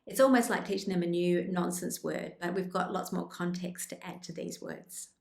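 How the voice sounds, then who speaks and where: Calm woman explaining, echoey room. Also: lowish voice, normal speed. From Australia. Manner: calm, clear explanatory delivery. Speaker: speech pathologist. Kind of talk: instructional video presenting.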